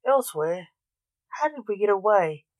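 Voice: medium pitch, very animated, normal speed, natural voice. A reader voicing an anxious male doctor who keeps asking worried questions.

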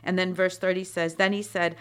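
A woman giving a chatty, animated Bible teaching, reading verses and adding asides. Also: fairly low pitch, a little fast, smooth.

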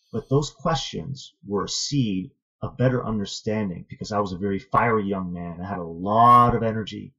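A man with a low, gravelly, husky voice tells a personal story as a guest in an earnest, reflective way. The audio is dull and lo-fi. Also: a bit bright. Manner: earnest, thoughtful, measured. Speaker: interview guest, martial arts student.

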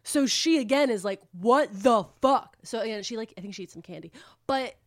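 A woman's voice: on the high side, a little fast, no echo, studio quality. Chatty woman recapping a story. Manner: rambling, animated plot recap with swearing. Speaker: podcast co-host retelling a book. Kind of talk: casual chat.

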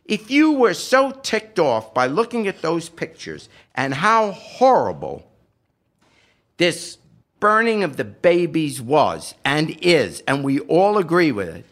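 A man's voice: high voice, big pitch swings, takes it slowly, fairly bright tone. Older guy ranting about politics, sarcastic and fired up, voice swinging up and down a lot. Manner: indignant, rhetorical questions, sarcastic. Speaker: podcast guest. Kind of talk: impassioned political commentary.

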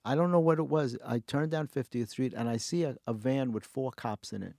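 A man telling a story in casual chat, wry and animated, acting out the people he met. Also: mid-range voice, brisk, gravelly, no echo, studio quality.

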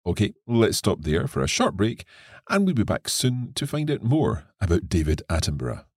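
A man's voice: fairly low pitch, wildly swooping pitch, normal speed. A man co-hosting a podcast English lesson, reading the text aloud and asking questions about it. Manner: reads the lesson text, then asks questions.

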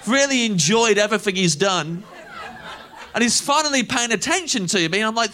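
Animated, high-pitched English stand-up comedian. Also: male voice, fairly quick, a faint crowd. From England. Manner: animated, self-mocking, laughing through lines. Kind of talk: stand-up storytelling.

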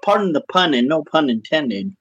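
Jokey man with a lively voice. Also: fairly high pitch, moderate pace, slightly rough, dull audio. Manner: teasing, jokey interjections. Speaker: podcast host. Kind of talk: casual comedy podcast chat.

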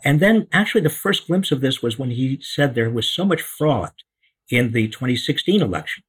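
Husky man with an animated delivery, emphatic political commentator. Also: mid-range voice, normal speed, low-quality recording. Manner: emphatic, repeats words for stress, lively intonation. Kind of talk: casual political discussion.

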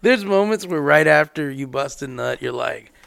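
A man co-hosting a podcast, giggling through crude stories and sliding into squeaky character voices. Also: animated, moderate pace, vocal fry, fairly bright tone, no room sound. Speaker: podcast co-host. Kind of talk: crude comedic podcast banter.

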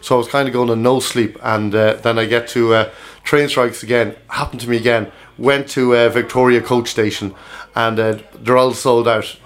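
A man tells a long, rambling story, stacking detail on detail as he goes. His voice sits in an ordinary middle pitch, and the talk is loose and chatty, like a podcast co-host among friends. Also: fairly even intonation, moderate pace. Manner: rambling anecdotes with laughs. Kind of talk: casual chat.

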